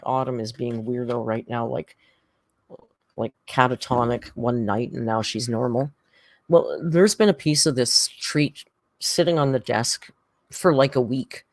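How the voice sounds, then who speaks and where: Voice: mid-range voice, dry recording. A livestream host in casual reaction chat, rambling and chatty, reading out viewer comments.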